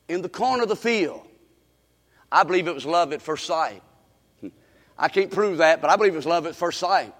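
High-voiced preacher man in echoey hall. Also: normal speed, pauses often. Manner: animated, asks the congregation questions. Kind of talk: storytelling sermon.

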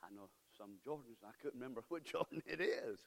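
A man preaching a sermon as pastor, moving from quiet storytelling to shouted, impassioned praise. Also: medium pitch, animated, fairly quick, gravelly. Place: church sanctuary. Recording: church hall with long reverb.

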